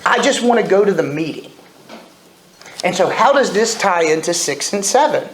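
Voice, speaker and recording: A man's voice: sits high, expressive, normal speed, a bit bright, a little hiss or hum. A man in his forties, speaking at a recovery meeting and telling his story candidly, with self-deprecating humor. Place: meeting room. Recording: echoey room with faint ambience.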